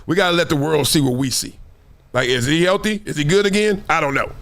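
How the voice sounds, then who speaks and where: A man with a notably high speaking voice holds forth on a sports talk show. He keeps it casual and full of slang, and slips into little voices to mimic the people he talks about. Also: fast talker. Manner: animated, slangy, acts out quoted people.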